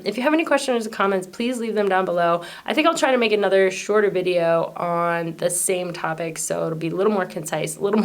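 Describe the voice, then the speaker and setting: A woman hosting her own channel, explaining a spiritual idea in a casual, earnest way that wanders, with frequent fillers and restarts. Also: medium pitch. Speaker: channel host.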